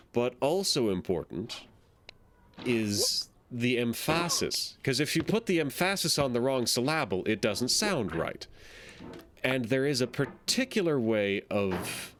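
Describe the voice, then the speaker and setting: A man's voice: fairly low pitch, a bit bright, a little hiss or hum. A man streaming a game, rambling casually and playfully and making silly sound effects between thoughts. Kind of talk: casual gameplay commentary.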